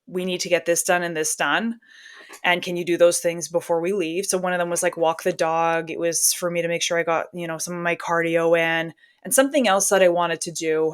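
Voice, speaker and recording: A woman in her forties, a podcast guest, telling a personal story casually with quick laughs and acted-out bits of dialogue. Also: fairly low pitch, clear, resonant tone.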